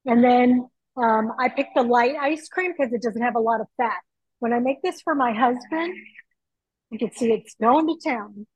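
Chatty woman, husky and high. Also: normal speed, no echo, rough recording. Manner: chatty, excitable, laughs easily. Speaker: guest. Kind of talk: casual chat over a video call. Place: home kitchen. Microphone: earbuds on a video call.

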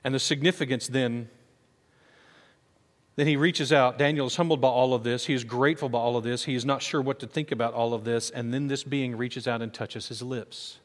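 A man preaching a sermon as pastor, telling stories in an animated way and acting out the voices of people he quotes. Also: medium pitch, fairly quick, long reverb tail.

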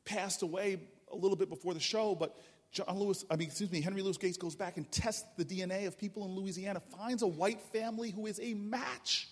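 A man's voice: high-pitched, a little fast. A man from New Jersey, a politician, telling humorous stories to a crowd in a large public hall. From New Jersey, USA. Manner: animated, humorous, with many restarts. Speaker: politician speaking at a town hall. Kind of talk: storytelling speech. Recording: reverberant hall from far off.

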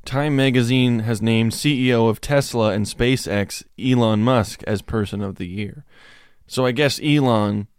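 A man co-hosting a comedy podcast, teasing his partner with dry deadpan jokes in casual chat. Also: medium pitch, a little slow, clean tone, dry recording. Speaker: podcast co-host.

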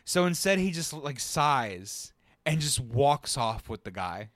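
A man's voice: medium pitch, very animated, takes it slowly, a bit bright, dry recording, clean studio sound. A man co-hosting a podcast, telling a work story in a loose, profane, rambling way, often cracking himself up. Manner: profane, rambling, laughs through stories. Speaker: podcast co-host. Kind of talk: casual storytelling chat.

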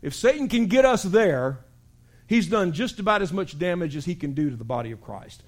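A man's voice: sits high, brisk. A man preaching a sermon, telling stories and acting out other people's voices. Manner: animated storytelling preaching, acting out voices with big shouts. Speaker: pastor.

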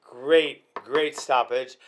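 A man's voice: mid-range voice, steady tone, very slow, slight background noise. A man chatting casually about fights as a podcast host, rambling and restarting his sentences often.

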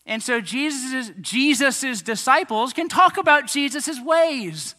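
A man preaching a sermon to a young congregation, animated and speaking straight to them. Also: very high-pitched, slow, hardly any pauses, big-room sound. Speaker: pastor.

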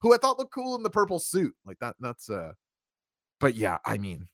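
A man's voice: mid-range voice, wildly swooping pitch, moderate pace, dry recording, clean studio sound. A man co-hosting a casual wrestling chat, rambling and correcting himself as he gives his opinions. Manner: rambling, self-correcting, laughs often. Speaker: wrestling podcast co-host.

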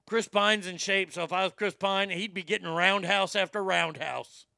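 A man's voice: sits high, normal speed, gravelly, sharp tone, no room sound, studio quality. A man hosting a commentary show, delivering a brash, swaggering, profane comedic rant. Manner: brash, swaggering, heavy swearing.

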